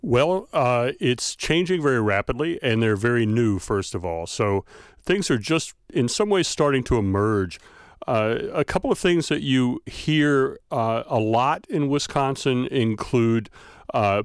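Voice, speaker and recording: A man's voice: mid-range voice, smooth, dry recording, studio quality. A man with a Southern US accent, a linguistics professor explaining ideas thoughtfully in a radio interview, with many uh fillers. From American South.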